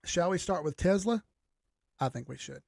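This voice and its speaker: A gravelly man hosts a casual live chart stream, his voice strained and starting to crack. He talks loosely and jokes as he reads chat, pitched a bit high for a man. The sound is dry and close. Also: expressive, moderate pace, a little mellow, no echo. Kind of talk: casual livestream chart talk.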